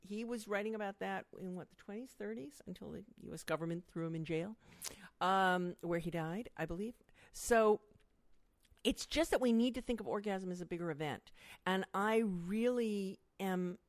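At a normal speed, this middle-aged woman, a sex educator, talks expressively in a lively interview. She acts out quotes with large jumps in pitch, and the recording is dry.

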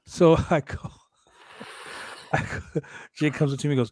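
Podcast co-host, male, animated storyteller, profane, dry mic. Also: on the high side, moderate pace, long pauses, no room sound. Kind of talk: casual chat.

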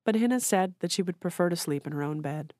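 Low-voiced woman reading her story. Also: animated, darkish tone, no room sound, clean studio sound. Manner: measured, literary reading. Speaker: author.

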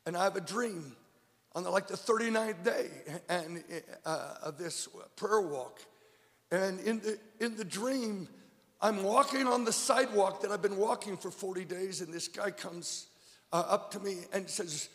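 A man preaching a sermon at a church service as a guest speaker, emphatic and stammering, swinging from shouts to hushed words. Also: high-pitched, measured pace, long reverb tail.

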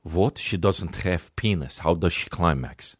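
A man putting on a gruff, blunt Russian man who speaks low, clipped broken English with a heavy Russian accent. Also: a little slow, no echo, clean studio sound.

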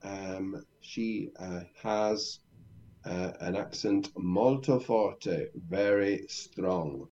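A man's voice: sits low, drawn-out words, mellow, lo-fi sound, slight background noise. A man learning the language, reading lines aloud and working through translations in a casual lesson, with light jokes. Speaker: Italian learner, co-host.

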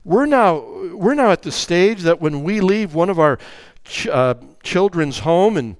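A man's voice: sits high, unhurried, no echo. An older man, a grandfather, preaching a sermon on raising children, speaking emphatically and acting out family conversations. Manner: animated, emphatic, acts out family dialogues.

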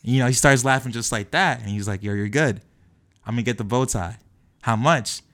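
A young man animatedly telling a personal story, acting out the quoted lines of the people in it. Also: mid-range voice. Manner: acts out quoted dialogue, quick and lively. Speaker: guest telling his story.

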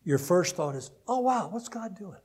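A man preaching a counseling-focused sermon to a live audience, swinging between emphatic peaks and quiet asides, then leading a prayer. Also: sits high, moderate pace, slightly rough. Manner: animated, rising to emphatic peaks and dropping to soft asides. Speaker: pastor. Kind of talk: sermon teaching ending in prayer.

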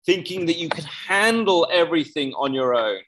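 A man's voice: on the high side, expressive, moderate pace, fairly bright tone, a little hiss or hum, rough recording. A man preaching a sermon in a conversational way, often stopping to correct himself. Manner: conversational, with frequent self-corrections.

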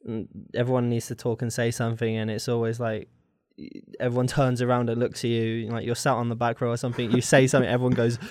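A man's voice: medium pitch, flat delivery, fast, few pauses, a little mellow. A young man with a British accent, co-hosting a casual sports podcast in a friendly, easygoing way. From Britain. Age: young adult. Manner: friendly, easygoing, laughs along. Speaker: podcast co-host.

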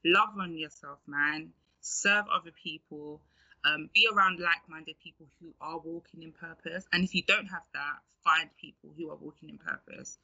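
A woman with a London accent talks about faith in an encouraging, preachy way. Her voice is very bright and cutting. The recording sounds dull and lo-fi. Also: low-pitched, fairly even intonation, normal speed. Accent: London English. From England. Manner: encouraging, preachy, laughs often. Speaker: podcast guest. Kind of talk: faith-based podcast chat.

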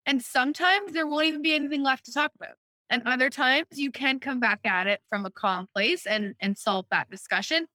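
Bright-voiced woman explaining with animated asides. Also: sits high, fairly quick, dry recording. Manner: lively, acts out quoted inner voices, frequent "right?". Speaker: host explaining a personal decision-making method. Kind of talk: casual explanatory chat.

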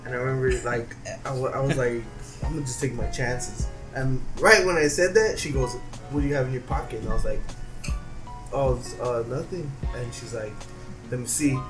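A man's voice: medium pitch, fairly quick. A young man recalls getting caught in school, laid-back and self-mocking in casual chat. He sits some distance from the mic, and music runs underneath.

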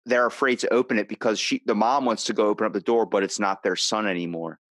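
Podcast host, male, low-ish pitch, dry sound, loose rambling storyteller. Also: steady tone, quick pace, fairly bright tone, no echo. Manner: rambling storyteller, restarts and retells plots. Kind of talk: casual chat.

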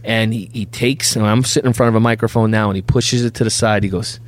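Animated middle-aged man telling stories. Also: fairly low pitch, fast talker. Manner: animated anecdote teller, acts out dialogue. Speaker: bail bondsman. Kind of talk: podcast storytelling.

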